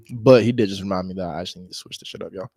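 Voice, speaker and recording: A man working as a real estate wholesaler, chatting casually to his viewers between cold calls and talking fast with deliberate pauses. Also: low voice, bright, forceful tone, dry recording. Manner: fast talker who makes a point of pausing on calls. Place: at home with his dog nearby.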